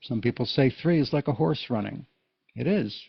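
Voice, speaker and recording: A man's voice: medium pitch, expressive, moderate pace, gravelly, husky, no echo. A man giving a casual, patient Morse code lesson, explaining each step in plain words. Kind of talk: casual spoken tutorial. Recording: dull lo-fi recording.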